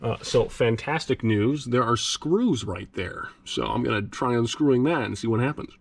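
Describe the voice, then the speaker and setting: A man's voice: medium pitch, expressive, moderate pace, vocal fry. A young man vlogging as he works on his car, rambling and joking to himself as he goes. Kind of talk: casual narration while repairing a car. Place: in and around a car, near a garage. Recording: noisy background with clicks.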